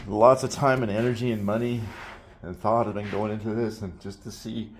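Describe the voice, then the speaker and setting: A man's voice: lowish voice, steady tone, normal speed, a little hiss or hum. A man earnestly telling his personal story in a casual, reflective way, often trailing off and restarting.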